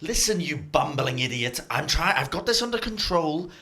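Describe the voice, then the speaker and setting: A man's voice: a little high, sing-song, moderate pace, bright, forceful tone, pitched above the performer's own voice. A man voicing the smart, bossy head of a two-headed giant, scolding its dim partner. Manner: scolding, impatient. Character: smart bossy male ettin head, exasperated.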